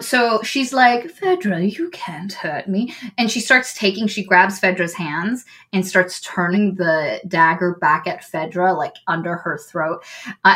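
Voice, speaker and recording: A woman casually retelling a book's plot on a podcast, animated and swearing freely. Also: mid-range voice. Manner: animated retelling with swearing, acting out lines of the characters. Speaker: podcast co-host.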